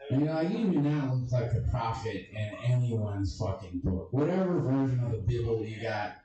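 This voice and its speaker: A man doing a stand-up comedy set with crude, abrasive and self-deprecating jokes. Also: a little high. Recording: echoey room, distant mic, crowd audible.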